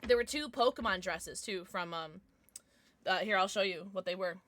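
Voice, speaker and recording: Bright-voiced woman streamer, rambling and swearing. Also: mid-range voice, normal speed. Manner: rambling, swears freely, restarts often. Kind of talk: casual livestream chat.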